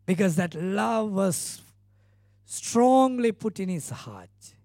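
Earnest preacher man with a high, mellow voice. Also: expressive, slow, no echo, studio quality. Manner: earnest, emphatic storytelling with repeated phrases. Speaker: pastor. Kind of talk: sermon.

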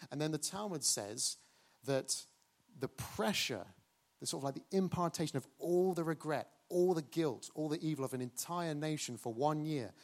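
A man preaching a sermon, dramatic, slowing for emphasis and returning to a rhetorical refrain. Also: a little high.

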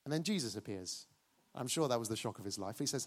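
A man preaching a sermon, dramatic, slowing for emphasis and returning to a rhetorical refrain. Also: medium pitch, lively intonation.

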